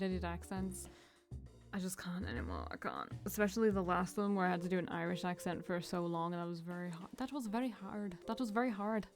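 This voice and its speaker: A woman's voice: medium pitch, a little mellow. A woman giving chatty, casual commentary as she reads through a visual novel, swearing freely and laughing at herself. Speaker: let's play streamer.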